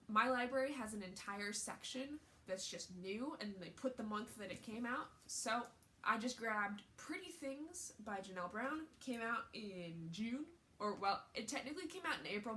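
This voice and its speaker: A woman's voice: mid-range voice, lively intonation, normal speed, sharp tone, slight background noise. A woman book vlogger talking in a casual, rambling way, with lots of fillers and restarts. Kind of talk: casual chat.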